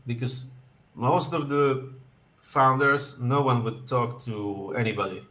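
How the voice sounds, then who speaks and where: A man's voice: mid-range voice, slow, a bit bright, poor audio. Casual man musing aloud. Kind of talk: casual chat.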